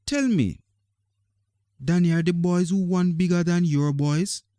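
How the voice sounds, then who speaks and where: A man reading a storybook aloud and voicing a very old, wise fisherman who speaks gently and kindly. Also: high-pitched, unhurried, no room sound, clean studio sound, voice pushed up. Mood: probing.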